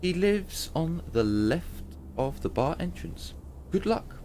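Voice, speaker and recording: A man's voice: on the high side, big pitch swings, slow pace, darkish tone, slight background noise, pitched above the performer's own voice, heavily acted. A man voicing a shrewd woman trading mushrooms, reading game dialogue aloud in a slightly raised voice. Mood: brisk.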